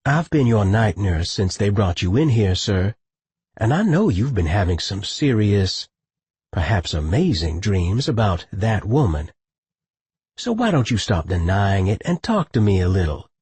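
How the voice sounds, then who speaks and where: A man's voice: on the low side, sing-song, measured pace, a little mellow, husky, no echo, heavily acted. A man voicing a teasing young female night nurse in an audiobook, coaxing and playful. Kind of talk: audiobook character voice.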